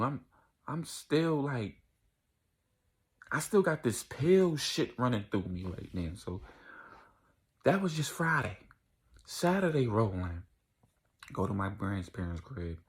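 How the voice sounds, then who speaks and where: A man's voice: low voice, husky. A young man telling a casual storytime vlog, acting out the voices of people in his story.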